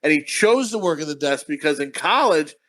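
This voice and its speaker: High-voiced guy on a podcast, rattles stuff off fast and drops half his words, does little voices. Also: expressive, a bit bright. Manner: fast-talking, skips words; acts out characters' lines while retelling. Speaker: podcast co-host. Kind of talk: casual chat.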